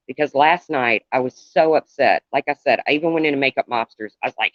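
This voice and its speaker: A middle-aged man speaks to his live-stream viewers at an ordinary pitch. He rambles and stops to address commenters by name. The sound is dry and dull, like a lo-fi stream. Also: normal speed, dry recording.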